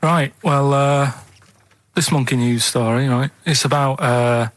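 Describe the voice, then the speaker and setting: A man from Manchester telling a rambling story on a radio show, halting and tacking "right?" onto his sentences. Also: medium pitch, fairly even intonation. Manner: meandering, halting, keeps adding "right?". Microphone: studio microphone.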